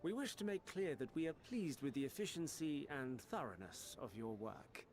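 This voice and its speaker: An actor playing a formal, courteous man in a game cutscene, with measured, polished delivery. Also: a little high, lively intonation, slight background noise, close to an everyday voice. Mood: composed.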